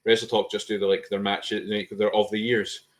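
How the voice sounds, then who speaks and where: A man's voice: lowish voice, level tone, normal speed. A man co-hosting a podcast, rambling and swearing in casual chat, laughing often. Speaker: podcast co-host.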